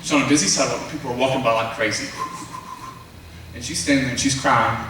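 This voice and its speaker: A man preaching a revival sermon in a church, telling stories with animated energy and talking straight to the congregation. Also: mid-range voice, fast talker, distant mic, noisy background. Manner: animated storytelling, addresses congregation directly. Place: church sanctuary. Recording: very echoey church sound from afar.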